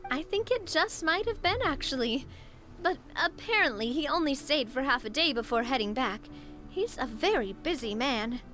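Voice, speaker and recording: A woman's voice: high voice, lively intonation, moderate pace, sharp tone, soft background music. A woman voicing a cheerful, sociable young woman in a video game, friendly and bubbly in manner. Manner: bubbly, friendly, calls others partner.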